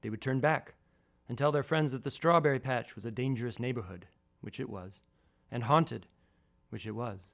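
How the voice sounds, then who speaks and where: Man reading a wry story calmly. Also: medium pitch, moderate pace, creaky. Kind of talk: first-person radio essay reading.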